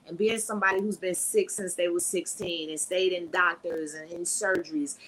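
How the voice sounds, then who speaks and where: A woman hosting a casual live podcast, talking frankly and preachily, her voice swinging between loud and soft. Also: lowish voice, steady tone, moderate pace, a little hiss or hum, low-quality recording. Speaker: podcast host.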